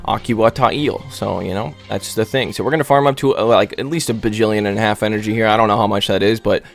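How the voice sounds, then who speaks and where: A man's voice: lowish voice, fairly even intonation, fast, gravelly, faint music behind. A man casually commentating on his online game battles, joking and rambling with silly asides.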